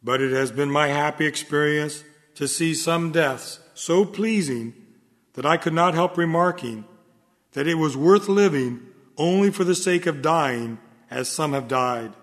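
A man delivering a solemn sermon in a measured, earnest manner. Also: a little high. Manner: solemn, measured, rises in fervor. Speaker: preacher. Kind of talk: sermon reading. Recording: long hall reverb.

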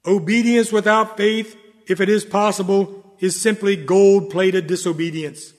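High-voiced preacher in a reverberant hall. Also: male voice. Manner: dramatic oratory, swings from loud to hushed. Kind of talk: sermon.

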